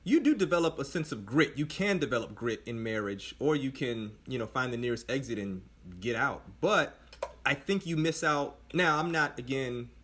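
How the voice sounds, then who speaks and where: A man's voice: medium pitch, fairly bright tone, slight background noise. A man hosting a podcast, talking earnestly and emphatically from a Christian viewpoint. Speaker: podcast host. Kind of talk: casual podcast conversation.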